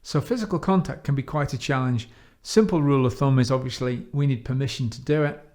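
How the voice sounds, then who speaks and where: Male trainer, mid-pitched, measured delivery with slowed emphasis on key points. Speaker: coaching trainer. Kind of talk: instructional talk.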